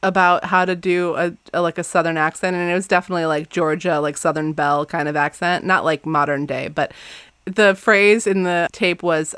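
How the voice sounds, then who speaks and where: A woman's voice: on the low side, steady tone, fairly quick, a bit bright, clear, resonant tone, no echo, studio quality. A young woman co-hosting a casual book podcast, laughing often and reading passages aloud. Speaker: podcast co-host.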